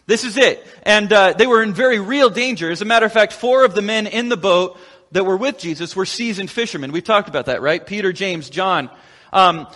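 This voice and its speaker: Pastor, male, high voice, lively storyteller who acts out quotes, long reverb of a large hall. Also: brisk. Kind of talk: sermon.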